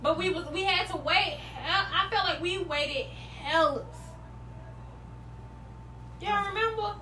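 A woman's voice: very high-pitched, unhurried, bright, forceful tone, distant mic, slight background noise. A young woman in a casual chat, blunt and wry, laughing at herself as she tells it. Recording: echoey room, off-mic.

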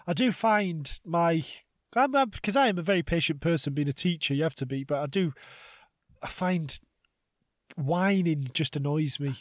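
A man in his thirties co-hosting a comedy podcast, telling animated stories and swearing freely. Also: a little high, normal speed, no room sound, clean studio sound. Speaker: podcast co-host. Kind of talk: casual comedic chat.

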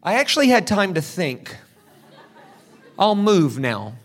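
Male preacher, high and lively voice, dramatic storyteller, shouts at the climaxes. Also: takes it slowly. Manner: animated, dramatic, with shouted peaks. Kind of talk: sermon with storytelling.

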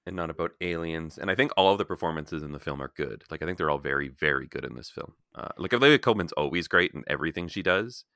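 A male podcast host with a very low pitch and a bright, forceful tone, recorded dry and close. He chats casually about films, opinionated and loose, with frequent "like" fillers. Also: lively intonation, fast talker, vocal fry, few pauses, no room sound. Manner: chatty, opinionated, many "like" fillers. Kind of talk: casual film-review chat.

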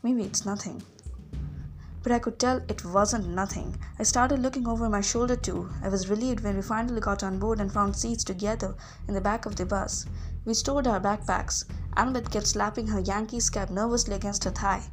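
A woman reading a story aloud in a steady storytelling voice, giving the characters their own voices. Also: medium pitch, a little fast, slight background noise. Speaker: reader. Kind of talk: audiobook reading.

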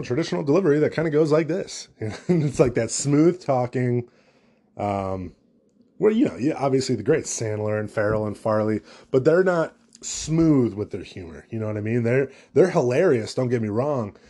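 A man's voice: medium pitch, dark tone. A young man, a new father, hosting a solo comedy podcast in a rambling, jokey, self-deprecating way. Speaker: podcast host.

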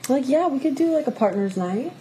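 A young woman co-hosting a podcast, chiming in with blunt, profane remarks and quick agreement. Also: high voice, lively intonation, mellow, slight background noise. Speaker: podcast co-host. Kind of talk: casual chat.

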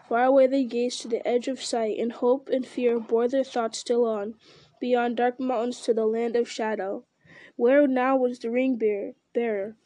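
Read-aloud narrator, female, steady and earnest, slightly higher voice. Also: no echo. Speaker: reader.

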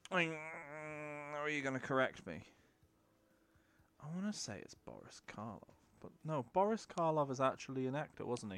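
Lively man chatting over a game. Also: medium pitch, unhurried, long pauses. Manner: chatty, rambling, breaks off into baby talk. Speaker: gaming video creator. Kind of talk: casual gameplay commentary.

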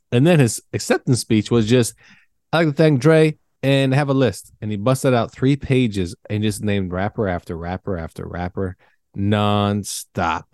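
Laid-back low-voiced man chatting. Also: darkish tone, no room sound. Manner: laid-back, rambling, swears casually. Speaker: podcast co-host. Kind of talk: casual chat.

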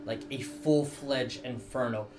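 Over background music, a man with a steady mid-range voice narrates a tabletop game as dungeon master. His delivery is halting, and he keeps stopping and restarting his sentences.

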